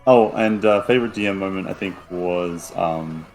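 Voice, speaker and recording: A man's voice: deep voice, normal speed, faint music behind, poor audio. A man playing a tabletop game, chatting casually in a rambling, laughing way and swearing freely. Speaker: player. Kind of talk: casual chat.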